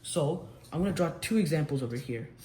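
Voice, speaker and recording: This whiteboard physics lesson comes from a young man in a relaxed tutoring mode, drawing as he goes and often backing up to rephrase. His voice sits on the high side, expressive and fairly quick, with a darkish timbre. There's a roomy echo and a little background noise.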